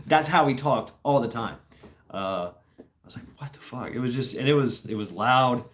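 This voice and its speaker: A man's voice: mid-range voice, animated, a bit bright, a little hiss or hum. A man hosting a casual livestream, rambling and chuckling as he chats with viewers. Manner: rambling, chuckling, slow and drawn out. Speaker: livestream host.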